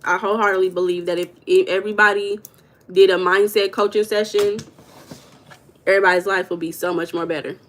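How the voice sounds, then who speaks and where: A woman's voice: mid-range voice, steady tone, fairly quick, a little hiss or hum. A woman with a Southern US accent hosting a casual livestream, talking directly to viewers and reading their comments aloud. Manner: chatty, direct, talks to viewers as "y'all". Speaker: livestream host reading chat.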